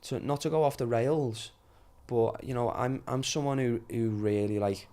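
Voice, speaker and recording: A man's voice: medium pitch, moderate pace, mellow. A young man with a Liverpool accent talking earnestly and chattily as a podcast guest, laughing often. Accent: Liverpool (Scouse). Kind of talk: casual conversation.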